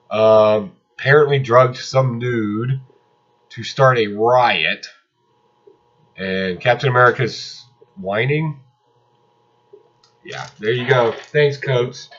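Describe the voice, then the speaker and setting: Husky, sarcastic man reviewing comics. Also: mid-range voice, fairly bright tone. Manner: sarcastic, exasperated ranting. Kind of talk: casual comic review monologue. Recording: slightly dull lo-fi audio.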